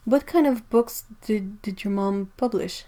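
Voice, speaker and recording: A woman chats casually on her art livestream, greeting viewers by name and answering their comments as she paints. Her voice sits at an ordinary middle pitch and grows quieter when she focuses on her work. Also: a little slow. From Quebec, Canada. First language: French. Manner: chatty, reads out viewer comments, drifts quieter while working. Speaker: artist livestreamer.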